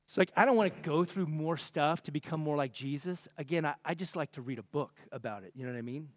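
High-voiced man preaching a casual sermon. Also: quick pace, big-room sound. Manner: casual, rambling and self-deprecating. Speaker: pastor. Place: church sanctuary.

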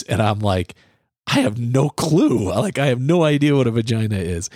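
A middle-aged man from the US Midwest, co-hosting a parenting podcast and telling a self-deprecating childhood story in a casual, animated way. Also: fairly low pitch, moderate pace, breathy edge, dry recording, studio quality.

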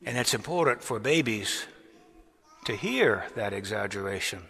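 A man preaching a sermon as a pastor, deliberate and rising to strong emphasis on key words. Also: lowish voice, lively intonation, creaky, sharp tone. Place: large cathedral. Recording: long cathedral reverb.

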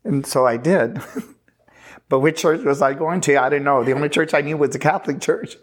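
A pastor from Texas telling his personal testimony in an earnest, halting way, often restarting sentences and retelling conversations. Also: a little high. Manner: earnest, halting, with frequent restarts and retold dialogue.

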